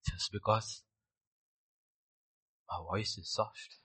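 A man's voice: on the low side, expressive, a little slow, long pauses, bright, forceful tone, breathy edge. A man preaching a sermon in a dramatic way, acting out scripture scenes as he goes.

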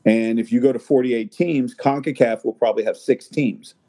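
Mellow man chatting loosely. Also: medium pitch, fairly even intonation, normal speed. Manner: rambling, many fillers and restarts. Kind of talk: casual chat.

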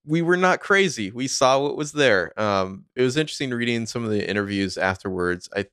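A man's voice: medium pitch, animated, brisk, fairly bright tone, clean tone, no room sound. An American man co-hosting a podcast, laid-back with dry humor, often trailing off. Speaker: podcast co-host. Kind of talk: casual recap chat.

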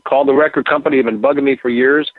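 A man, a musician guest, telling rambling anecdotes in a relaxed, casual interview with plenty of fillers. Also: mid-range voice, very fast, dry recording. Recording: tinny phone line.

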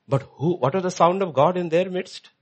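A male preacher giving a sermon, swinging between hushed lines and loud emphatic ones. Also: high voice, moderate pace, dull audio.

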